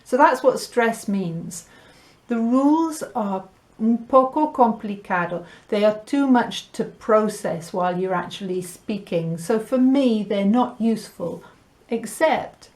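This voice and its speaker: Brief: woman language teacher, slow and deliberate delivery, mid-range voice, mixes Spanish into English. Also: mid-range voice, a little mellow. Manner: slow, clear pronunciation drills with light laughs. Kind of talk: recorded language lesson.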